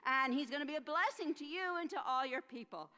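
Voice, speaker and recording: A woman speaking as a gentle angel in a reverberant sanctuary. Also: sits high, animated, brisk, pitched above the performer's own voice. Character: gentle reassuring angel messenger. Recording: long church hall reverb.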